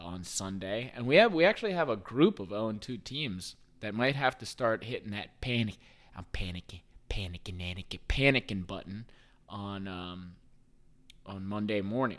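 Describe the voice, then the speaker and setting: A man in his thirties hosts a podcast in loose, casual sports talk, with a fairly low voice. He rambles, curses freely and jokes his way through each point. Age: 30s. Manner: profane, rambling, joking. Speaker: podcast host.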